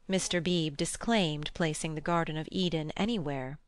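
A woman narrating a classic novel as an audiobook in an even, impassive reading. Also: deep voice, normal speed, hardly any pauses, no room sound. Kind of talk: scripted narration.

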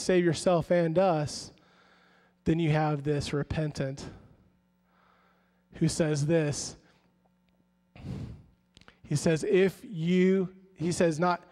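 A man's voice: fairly high pitch, a little mellow. A man preaching a sermon as pastor, retelling conversations and acting out the voices of the people he quotes. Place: church sanctuary. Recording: long church hall reverb.

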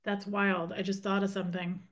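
Greeting her chat viewers by name, a livestream host tells a personal story in a rambling, emotional way. Her voice is medium-pitched with little pitch movement, and she talks at a normal speed.

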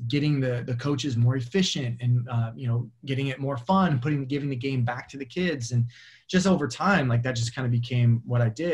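Animated man telling a story. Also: mid-range voice, husky. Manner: animated storyteller who acts out quoted dialogue. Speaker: podcast guest, mental performance coach. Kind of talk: casual storytelling.

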